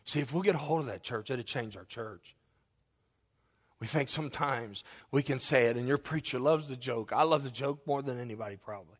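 A male pastor delivers an impassioned sermon with a husky, breathy edge to his voice. He prays aloud, rising to loud cries and then dropping to hushed whispers. His pitch sits in an ordinary middle register. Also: a little fast. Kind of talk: sermon with spoken prayer.

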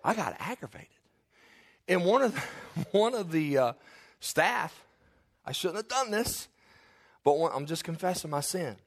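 A man's voice: sits high, sing-song, a little slow, long pauses. A male pastor preaching a sermon in church, telling confessional, humorous stories to his congregation.

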